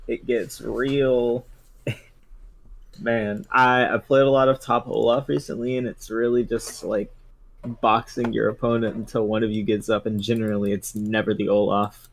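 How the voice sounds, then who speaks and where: Husky-voiced playful male co-caster. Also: medium pitch, poor audio. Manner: playful, quick to laugh. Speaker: esports co-caster. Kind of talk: casual live-stream commentary.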